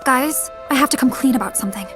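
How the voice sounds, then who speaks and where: A woman's voice: sits high, fast talker, fairly bright tone, faint music behind. A woman voicing an earnest young alien woman officer in a cartoon, with an anxious, confessional way of talking. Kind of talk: cartoon voice acting.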